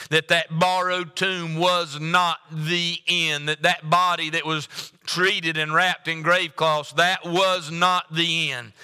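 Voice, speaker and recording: A man preaches in a church with a bright, clear, resonant voice that carries a long reverb through the hall. His delivery builds with fervent repetition. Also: a little high. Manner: preaching with rising fervor and repetition. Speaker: pastor. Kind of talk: sermon. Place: church sanctuary.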